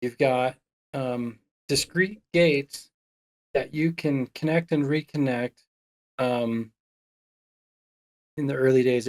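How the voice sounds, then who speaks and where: Dude slowly walking thru some tech stuff, lots of um, takes his time. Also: medium pitch. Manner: slow, explanatory, many ums. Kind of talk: casual chat.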